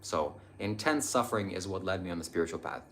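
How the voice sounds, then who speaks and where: Young male live-stream host, low-pitched, earnest, meandering delivery full of ums. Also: expressive, quick pace, fairly bright tone, slight background noise. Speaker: livestream host answering viewer chat. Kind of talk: casual live-stream talk on spirituality.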